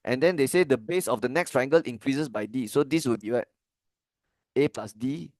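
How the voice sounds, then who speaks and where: A man's voice: mid-range voice, normal speed, a little mellow, dry recording. A man with a Malaysian English accent, a maths tutor working through an exam paper in a casual way, often checking "okay?" and slipping into Malay phrases. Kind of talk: exam-paper walkthrough lesson.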